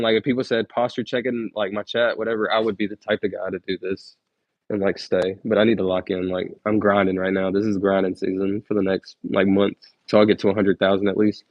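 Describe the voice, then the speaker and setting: A man's voice: lowish voice, darkish tone, dry recording. A young man streaming, counting aloud and chatting to viewers in a laid-back way, saying "like" a lot, recorded on earbuds.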